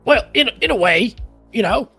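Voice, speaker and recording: A squeaky, swearing old gnome tinkerer, put on by a man, high and panicky. He whines and wheedles like a coward cornered in a tabletop fantasy game. The voice is bright and thin. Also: expressive, normal speed, vocal fry, slightly rough, faint music behind, heavily acted. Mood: wheedling.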